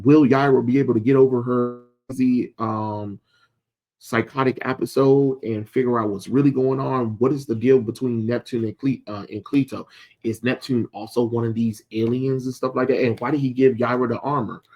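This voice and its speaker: A man's voice: mid-range voice, fairly even intonation, moderate pace, a little mellow. A man casually retelling a comic book's plot and reviewing it, quoting the characters loosely with lots of fillers.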